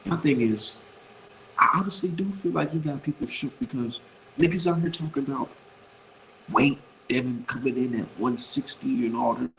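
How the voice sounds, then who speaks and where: A man with a gravelly, fry-edged voice holds forth on boxing in a loose, unscripted rant. He talks bluntly and profanely and circles back to hammer his points home, with a faint hiss under the recording. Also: mid-range voice, moderate pace, a bit bright, poor audio. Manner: rambling, repeats points for emphasis. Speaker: boxing commentator. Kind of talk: casual boxing opinion rant.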